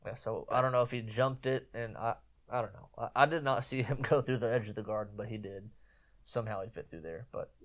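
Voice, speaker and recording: A man's voice: on the low side, a little fast. A man hosting a podcast, telling a hunting story in a rambling, casual way and repeating himself. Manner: rambling, repeats himself, quotes others in lively voices. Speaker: podcast host.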